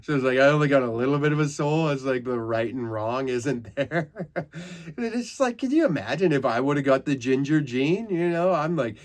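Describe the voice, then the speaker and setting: A man's voice: medium pitch, lively intonation, brisk, few pauses. A man from Canada hosting a comedy podcast, rambling through crude stories with frequent laughs. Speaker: podcast host. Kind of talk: casual comedic monologue.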